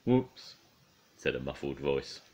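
An older man, a grandfather, reading a children's bedtime story aloud in a playful, expressive way. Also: low voice, moderate pace.

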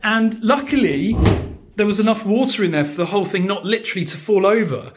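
A man's voice: high-pitched, brisk. A British man vlogging casually from his home bathroom, explaining things in a chatty, joking way. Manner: chatty, jokey, explains while showing things. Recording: echoey tiled bathroom.

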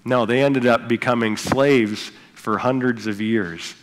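A man's voice: mid-range voice, steady tone, measured pace, slight background noise. Man preaching in a reverberant church hall. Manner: conversational preaching, retells Bible stories with asides. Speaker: pastor. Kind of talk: sermon. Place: church sanctuary.

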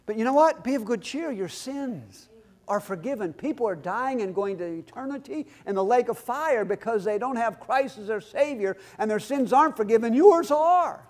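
A man's voice: sits high, lively intonation, moderate pace, a little mellow. A male pastor preaching a sermon, emphatic, with call-and-response questions to the congregation. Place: church.

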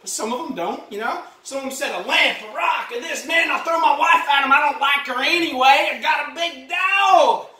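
A woman playing a boastful, rambling male ex-Marine patriot dad in a comedy monologue, shouting one moment and muttering the next. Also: normal speed, few pauses. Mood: blustering. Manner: boastful, rambling, shouts then drops low. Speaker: comedy vlogger. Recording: roomy echo, mic at a distance.

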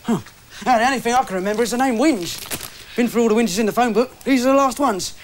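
Actress as a confused lost son, brisk talk, higher voice, faint hiss. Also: female voice, close to an everyday voice. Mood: puzzled. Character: dazed amnesiac grown son.

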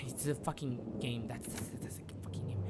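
A male streamer narrates his horror gameplay to himself, stacking repeated words and casual swearing as he works through each move. His voice sits at an everyday middle pitch. There is noticeable noise in the stream recording. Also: fairly even intonation, normal speed. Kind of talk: live gameplay commentary.

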